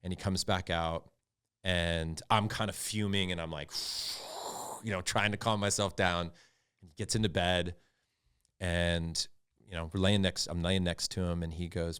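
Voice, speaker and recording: Middle-aged man, low voice, candid interview guest who tells stories earnestly and reflectively. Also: a little slow, clear, resonant tone. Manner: earnest and reflective, animated when recounting stories. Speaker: podcast guest, founder of a fathers' group. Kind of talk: candid conversational storytelling.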